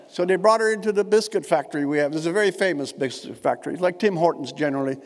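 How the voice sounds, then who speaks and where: A man's voice: on the high side, quick pace. A man, giving a humorous keynote speech in a wordy, witty storytelling manner, with dry and elaborate phrasing. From Newfoundland, Canada. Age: 70s. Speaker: keynote speaker. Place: large indoor conference hall. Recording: echoey hall, long reverb.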